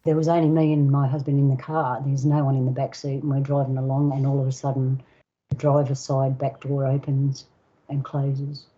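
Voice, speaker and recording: An older woman with an Australian accent, a guest elder telling a personal story in unhurried casual talk, acting out voices and sounds. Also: extremely low pitch, level tone, mellow, highs cut off. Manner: unhurried, acts out dialogue and sounds.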